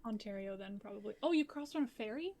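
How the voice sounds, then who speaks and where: A woman's voice: medium pitch, lively intonation, fast, mellow. A woman from Canada with a Canadian accent, a guest chatting casually on a live stream with short, friendly replies. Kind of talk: casual chat.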